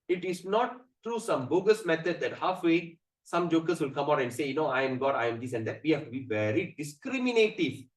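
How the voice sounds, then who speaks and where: Man, scripture teacher, slightly high voice, recorded from a distance, echoey room. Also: very animated. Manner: chants verses slowly, then explains animatedly with fillers. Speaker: spiritual teacher. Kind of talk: scripture class lecture.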